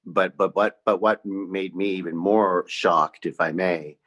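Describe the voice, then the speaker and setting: A middle-aged man who is a guest on a podcast, in casual, playful chat, chiming in with quick agreement and jokes. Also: low-pitched, fairly even intonation, a bit bright.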